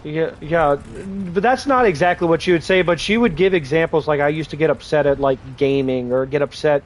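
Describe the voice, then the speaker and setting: A man's voice: fairly high pitch, a little fast. Congested young man chatting on stream. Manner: rambling, frank, many restarts and fillers. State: congested from draining sinuses. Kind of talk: casual livestream chat while gaming. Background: faint game vehicle noise.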